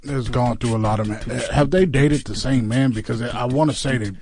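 A man co-hosting a casual podcast, joking and rambling through quick asides. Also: medium pitch, darkish tone. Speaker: podcast co-host. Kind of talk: casual comedic chat.

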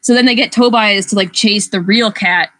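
A woman's voice: medium pitch, moderate pace, a bit bright, no echo, rough recording. A woman in casual book discussion, chatty, often restarting her sentences. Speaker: book club podcast member.

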